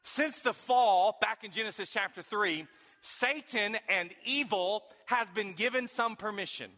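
A man preaching a sermon in a high, bright voice. He swings from folksy storytelling to emphatic, shouted questions. His voice rings out with a long reverb, as if he were in a large hall. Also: a little slow. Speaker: pastor.

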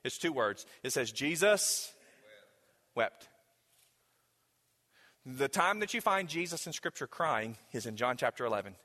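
A man's voice: medium pitch, lively intonation, a little fast, hardly any pauses, bright, forceful tone. A man preaching a sermon, talking emphatically to the congregation and asking them questions directly. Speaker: pastor. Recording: long hall reverb.

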